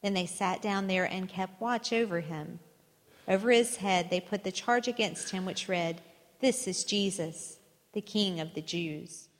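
A woman reading scripture aloud in a church service in a steady, even manner. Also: medium pitch, measured pace. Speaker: scripture reader. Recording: long church reverb.

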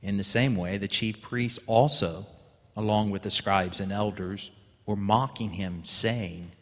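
Low-voiced man reading scripture in church. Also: a little slow. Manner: voices quoted lines with raised pitch and emphasis. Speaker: scripture reader. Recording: long church reverb.

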